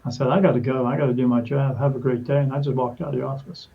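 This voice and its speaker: A man, a podcast guest, telling a story in casual conversation, animated, acting out quoted dialogue and often restarting his sentences. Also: medium pitch, racing, vocal fry, phone-quality sound.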